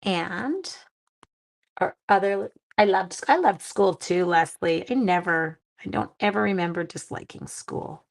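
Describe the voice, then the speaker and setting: Her pitch sits fairly low, with vocal fry and a slightly slow delivery. As host of a homey crafting livestream, this middle-aged woman chats with viewers by name and teases herself over her own mistakes.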